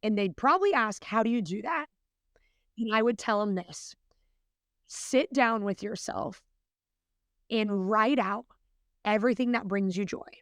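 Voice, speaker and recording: A woman's voice: medium pitch, a little slow, pauses often, clear, resonant tone, dry recording, studio quality. A young adult woman, a podcast guest, talking in an earnest, chatty way with lots of fillers. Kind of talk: casual podcast interview.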